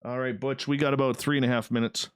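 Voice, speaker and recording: An upbeat man hosts a live radio broadcast, greeting his chatters with bouncy pitch jumps. His voice is smooth and resonant, set close to a studio mic in a dry room. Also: flat delivery, quick pace, dry recording. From Canada. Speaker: radio show host.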